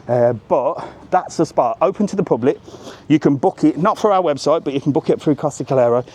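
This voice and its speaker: A middle-aged travel vlogger gives a chatty live walking tour outdoors around a hotel resort, talking to his phone camera as he moves. He's animated and keeps saying "look," in a voice on the high side, a little fast, with a little hiss or hum.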